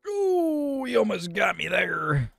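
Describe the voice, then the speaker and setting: Swearing, animated gaming commentator man. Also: high-pitched, takes it slowly, gravelly, dry recording. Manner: exasperated, swearing, taunting game enemies. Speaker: gaming YouTuber. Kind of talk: gameplay commentary.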